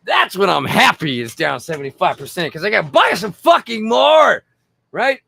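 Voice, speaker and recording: Tipsy, gravelly-voiced man rambling on a livestream. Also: high voice, very animated, normal speed, bright, forceful tone, no echo. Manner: rambling, profane, laughing. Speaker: livestream host. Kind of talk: casual livestream chat.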